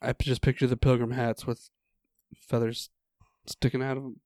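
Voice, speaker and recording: A man's voice: medium pitch, level tone, normal speed, darkish tone, no echo. A man in a casual chat, talking loosely and rambling as he searches for words.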